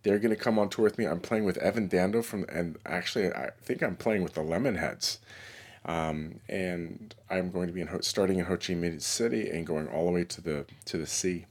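Deep-voiced man hosting a reflective podcast. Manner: relaxed, reflective, with pauses and fillers. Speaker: podcast host and musician. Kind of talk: casual solo podcast monologue. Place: New York City.

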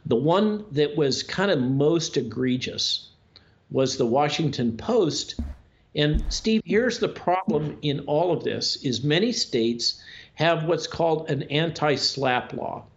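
Gravelly man speaking over lo-fi audio. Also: fairly high pitch, expressive. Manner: measured, drawn-out delivery with frequent uh fillers. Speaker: guest. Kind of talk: conversational interview talk. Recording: dull lo-fi audio.

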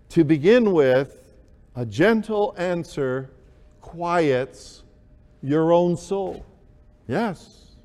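A man delivers a sermon at an unhurried, deliberate pace, leaning into key words with emphatic rises. His voice sits a little high for a man. The sound carries a long reverb, as if in a large hall. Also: darkish tone. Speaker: pastor.

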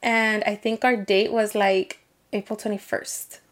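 A woman's voice: medium pitch, flat delivery, unhurried. A woman co-hosting a podcast in casual chat, leaning on "like" and mixing Spanish phrases into her English. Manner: casual, many "like" fillers, mixes Spanish into English. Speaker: podcast co-host.

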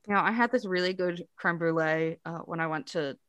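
An American woman co-hosting a podcast, her voice bright and forward. She chats easily and reads lists aloud with bouncy lifts, recorded close and dry with no room sound. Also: on the low side, a little fast, clear, resonant tone, no echo. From United States. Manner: chatty, reads lists out with lively rises. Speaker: podcast co-host. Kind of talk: casual chat.

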